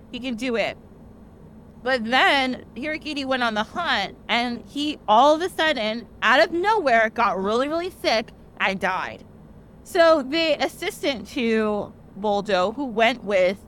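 A young woman hosting a podcast, casually retelling an old tale in a chatty, animated way with lots of "like" fillers. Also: on the high side, unhurried, a little hiss or hum. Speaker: podcast host. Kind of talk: casual storytelling.

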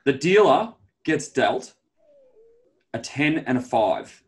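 A man's voice: mid-range voice, very animated, slow. An Australian man co-hosting a casual podcast, teasing and laughing as he tells stories. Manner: laughs a lot, teasing storyteller. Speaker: podcast co-host. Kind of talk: casual chat.

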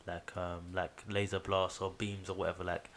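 Casual male co-host, lowish voice, rambling storyteller. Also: flat delivery, moderate pace, a bit bright. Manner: rambling, full of "like" and "um", acts out quotes. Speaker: podcast co-host. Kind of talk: casual chat recapping an anime.

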